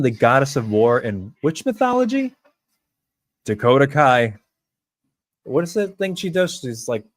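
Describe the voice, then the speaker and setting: A man reacting live to a wrestling show, chatting to viewers and calling the action play by play like an excitable fan. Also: medium pitch, no echo.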